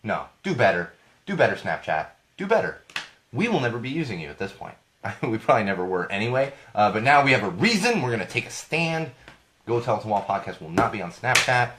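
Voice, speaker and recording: A man hosts a casual live podcast, his voice hoarse and fading. He rambles, corrects himself and turns indignant, with a pitch that jumps around a lot. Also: sing-song, quick pace, fairly bright tone, slight background noise. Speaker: podcast host.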